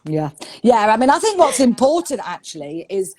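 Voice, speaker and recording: A woman's voice: fairly high pitch, moderate pace, breathy edge. Chatty southern English woman. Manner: chatty, expressive, laughs often. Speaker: English teacher guest. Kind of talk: casual live-stream conversation.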